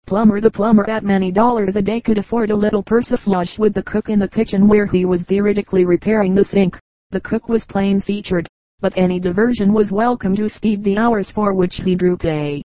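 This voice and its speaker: Woman reading jokes in a mellow voice. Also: medium pitch, no room sound, low-quality recording. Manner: even, measured reading of short jokes. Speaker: audiobook reader. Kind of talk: scripted narration.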